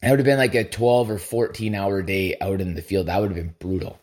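A man with a lowish voice tells a rambling story on his podcast. He swears constantly and voices his own thoughts as quotes, in loose, conversational talk. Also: steady tone, a little fast, darkish tone. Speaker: podcast host. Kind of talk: casual storytelling monologue.

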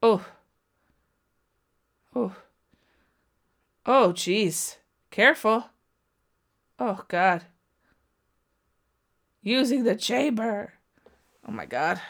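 A chatty woman watches a wrestling match along with her audience. She talks at an unhurried pace and addresses viewers directly. She gasps and yelps whenever the action heats up. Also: mid-range voice. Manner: excitable, gasps and cries out at the action. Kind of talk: casual live reaction commentary.

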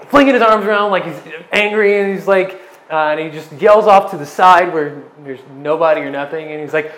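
Brief: young male game master, fairly high voice, halting with many fillers. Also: fairly bright tone, reverberant, rough recording. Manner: hesitant, filler-heavy narration. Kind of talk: narrating a tabletop game.

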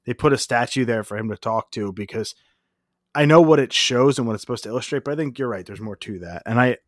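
A man's voice: medium pitch, fast, no room sound, clean studio sound. A man co-hosting a casual chat, easygoing and self-deprecating. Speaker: podcast co-host.

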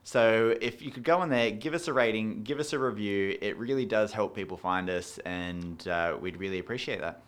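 A man's voice: fairly low pitch, moderate pace, few pauses, a bit bright, clean tone. A man hosting a podcast, chatting casually and trading jokes with his co-host. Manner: joking, laid-back banter. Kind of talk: casual chat. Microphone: headphones and studio mic.

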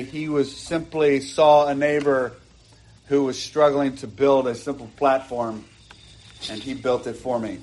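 A man's voice: medium pitch, steady tone, normal speed, a little mellow, slight background noise. Male pastor, mid-range voice, earnest emphatic sermon delivery from the pulpit. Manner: earnest, emphatic preaching with rising bursts and asides. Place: church, preaching from a pulpit.

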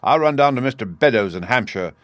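A man's voice: medium pitch, animated, fairly quick, a bit bright, no room sound, lightly acted. A man voicing a surly, half-drunk male seaman who talks in a sulky snarl.

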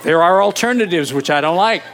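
A man in his sixties preaching a sermon, animated and emphatic, firing off rhetorical questions. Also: high voice, fairly quick, some chatter behind. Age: 60s.

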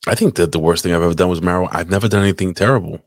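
Deep-voiced man, crude and teasing. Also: rapid-fire, dry recording, clean studio sound. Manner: crude, teasing, incredulous interjections. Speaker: podcast co-host. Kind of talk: casual banter.

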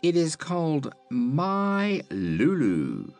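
A man's voice: a little high, huge pitch swings, very slow, darkish tone, soft background music, pitched above the performer's own voice, exaggerated voice. A man voicing a sulky, boastful talking phonograph machine in a storybook reading. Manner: sad then indignant, sulky.

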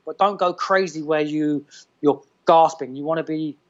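A man talking as a fitness trainer in a casual podcast chat, loose and animated, full of restarts and "like". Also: a little high, moderate pace, dull audio.

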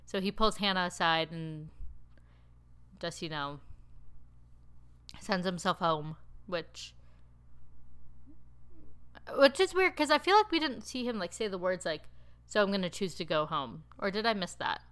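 A woman recapping a TV show in casual chat, rambling and animated with lots of filler words. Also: on the low side, a little slow, pauses often, clear, resonant tone. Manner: animated, laughing storyteller. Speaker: TV recap podcaster.

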